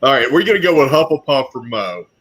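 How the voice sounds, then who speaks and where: A man's voice: medium pitch, sing-song, quick pace, fairly bright tone. A man moderating a casual panel discussion, musing aloud with frequent ums.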